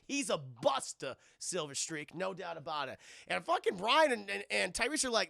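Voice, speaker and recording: A man's voice: high voice, big pitch swings, brisk, creaky, pushed and bright, no room sound, studio quality. A man streaming a casual, profane movie recap to his chat, rambling and acting out characters' lines. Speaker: streamer reviewing a film for chat.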